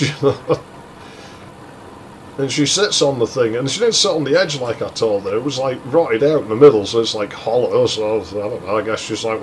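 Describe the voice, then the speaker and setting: A man's voice: medium pitch, moderate pace, a little hiss or hum, poor audio. A young man casually telling a crude story over gameplay, rambling and swearing freely. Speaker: gaming channel host.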